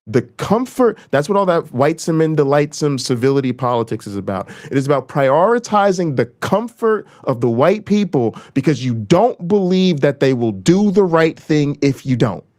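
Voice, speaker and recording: A man hosting his own channel, delivering a heated, profane political rant and repeating lines for emphasis. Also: darkish tone. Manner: swings between raised emphasis and low, dropped delivery. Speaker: channel host. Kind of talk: impassioned political rant to camera.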